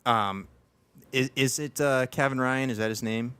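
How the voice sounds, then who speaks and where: A man's voice: mid-range voice, fairly even intonation, unhurried, a bit bright, clear, resonant tone. A man hosting a podcast, chatting casually and rambling through many restarts and fillers. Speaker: podcast host. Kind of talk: casual chat.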